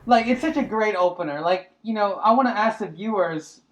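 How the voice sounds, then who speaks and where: A woman's voice: medium pitch, a little fast, a little hiss or hum, poor audio. A woman co-hosting a podcast in casual chat, breaking in with playful, teasing remarks. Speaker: podcast co-host.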